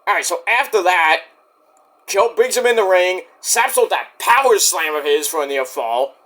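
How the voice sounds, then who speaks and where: Male wrestling reviewer, high and bright voice, excitable and profane recap delivery. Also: moderate pace. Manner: excitable, profane, storytelling rant. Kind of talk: casual recap commentary.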